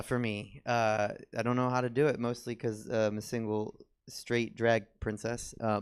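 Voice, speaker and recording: A man's voice: lowish voice, creaky. A man doing stand-up comedy, telling a rambling, self-mocking story on a comedy theater stage and acting out the quotes.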